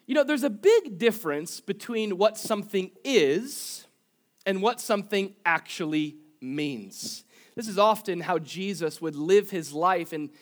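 A man preaching a sermon as pastor, conversational, with humorous asides and rhetorical questions. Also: sits high. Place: church service.

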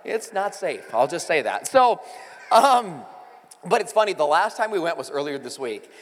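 A pastor in his forties preaching and telling stories in a church auditorium, animated and emphatic. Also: a little high, moderate pace. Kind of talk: sermon with prayer and storytelling. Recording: reverberant hall with faint music.

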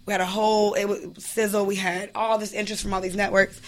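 A woman's voice: mid-range voice, level tone. A woman in her thirties, a guest in a casual interview, telling her story candidly and with emphasis. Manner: candid, emphatic, quick to laugh.

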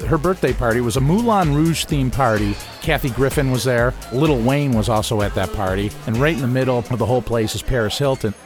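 Man from Ohio recounting a wild true story, lively and conversational, with a mid-range voice. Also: mid-range voice, a little fast, few pauses, over music. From Ohio, USA. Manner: animated, acts out quoted lines with a raised voice. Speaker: interviewee telling a personal story. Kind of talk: casual anecdotal storytelling.

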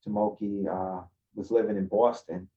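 Low-voiced, profane New storyteller. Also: male voice, steady tone, normal speed, highs cut off. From Queens, New York. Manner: profane, swaggering street storyteller. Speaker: podcast guest. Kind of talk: casual storytelling. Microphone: video call.

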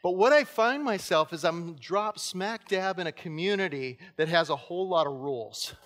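A man's voice: sits high, lively intonation, normal speed, fairly bright tone. A man in his fifties, a pastor, preaching a sermon in an earnest storytelling way in a church. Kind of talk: sermon with personal stories. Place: church sanctuary. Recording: long church reverb.

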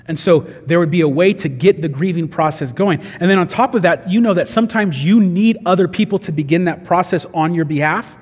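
A man's voice: a little high, breathy edge, in a large hall. A man preaching a sermon in a conversational way, acting out the voices he quotes. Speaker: pastor.

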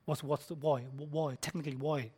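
A man preaching a sermon, blunt and confrontational, swinging between hushed, whispered lines and shouted passages while quizzing his listeners. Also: fairly high pitch, steady tone, brisk, husky.

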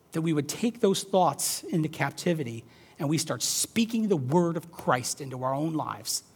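Man, pastor preaching a sermon, fairly high voice, loud urging then hushed asides. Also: slightly rough.

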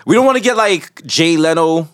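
A man co-hosting a casual comedic podcast, joking in quick banter. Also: a little high, expressive, smooth, no room sound, clean studio sound. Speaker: podcast co-host.

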